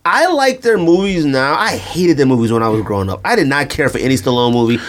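A man's voice: medium pitch, animated, fast talker. A man co-hosting a podcast, joking and sticking to his favorites in casual chat. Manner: loose, joking, stubborn. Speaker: podcast co-host.

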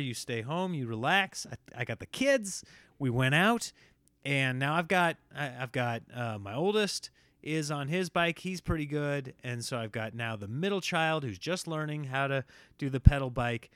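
A man in his thirties telling a family story in a casual, animated way, with jumps up in pitch when he quotes his kids. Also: clean tone, no room sound. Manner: animated, voices his kids in high squeals.

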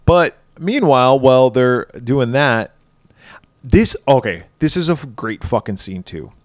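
A man's voice: medium pitch, unhurried, no echo, studio quality. A man co-hosting a podcast, swearing freely as he retells a movie scene by scene and acts out the characters. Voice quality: profane, animated retelling with character voices. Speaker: podcast co-host. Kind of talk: casual film chat.

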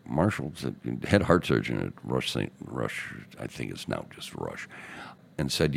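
A very low, gravelly older man from Chicago holds court in a podcast booth. His pitch swoops widely as he acts out the people in his stories. He is a seasoned newspaperman telling tales to his hosts. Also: unhurried. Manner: animated anecdotes, acting out quotes in other voices. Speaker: newspaperman and radio host, podcast guest. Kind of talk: casual storytelling interview.

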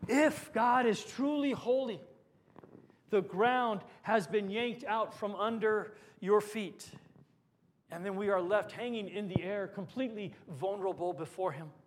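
A man, a pastor, preaching a sermon with swings between forceful lines and hushed, quiet emphasis. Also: sits high, measured pace. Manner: dynamic preaching, dropping to hushed tones for emphasis.

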